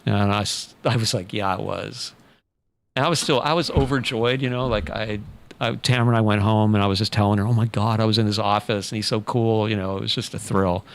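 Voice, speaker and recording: Gravelly low-voiced man telling a story. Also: fast. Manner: relaxed anecdotal, many fillers. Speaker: podcast guest, author. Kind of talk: casual storytelling.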